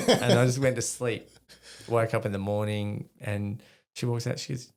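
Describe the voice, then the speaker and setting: A man's voice: medium pitch, level tone, moderate pace. A middle-aged Australian man telling rambling, profane stories about his past as a guest in an interview, laughing at himself. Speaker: guest, army veteran. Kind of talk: casual storytelling in an interview.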